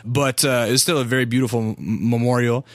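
A man in his thirties rambles through a casual story, swearing freely and circling back with fillers and restarts. His voice sits at a middling pitch, and the sound is dry and close, with no room echo. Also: steady tone, brisk.

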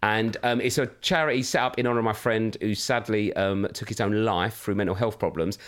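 Chatty dad telling stories. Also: male voice, fairly low pitch, fairly quick, clear, resonant tone. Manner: animated storytelling, puts on his kids' voices. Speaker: podcast host. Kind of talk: casual chat.

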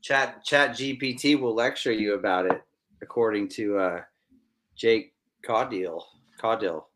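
A man, a musician guest, giving opinionated views in a casual chat, halting and restarting his sentences. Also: lowish voice, noisy background.

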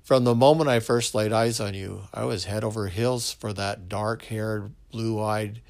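A man voicing a dying elderly wife, speaking softly and gently. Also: on the low side, steady tone, unhurried, gravelly. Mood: tender. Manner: soft, gentle delivery.

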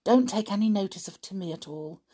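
A woman voicing an eager, bold schoolboy guide in a storybook reading, talking quickly and urgently. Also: medium pitch, expressive, mellow, breathy edge.

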